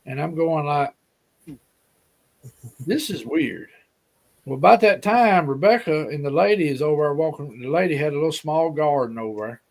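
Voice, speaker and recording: Southern alabama guy telling a rambling story, kinda high voice, folksy. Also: fairly quick, creaky, hardly any pauses, darkish tone. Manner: folksy, rambling, repeats himself. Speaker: guest. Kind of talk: casual storytelling.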